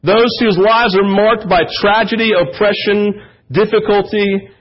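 A male pastor preaches in a high, husky voice, lively and emphatic, now and then slipping into the voices of the people he quotes. The sermon comes through a dull, lo-fi recording made in a church. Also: a little slow.

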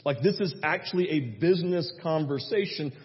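A young man preaching a sermon, telling a personal story with animated delivery and acting out his own prayers. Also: a little high, a little fast. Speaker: pastor. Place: church sanctuary. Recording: dull sound with long hall reverb.

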